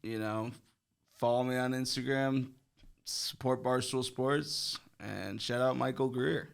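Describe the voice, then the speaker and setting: A man's voice: mid-range voice, steady tone, takes it slowly, gravelly, clear, resonant tone. A young man guesting on a podcast, telling a story in a rambling, casual way, full of fillers and swearing.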